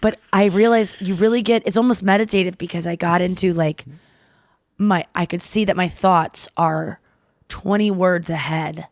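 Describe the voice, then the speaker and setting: Woman podcast host, rapid and rambling, self-mocking, dry close mic. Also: fairly low pitch, fairly even intonation, dry recording. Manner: fast-talking, rambling, self-deprecating. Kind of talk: casual chat.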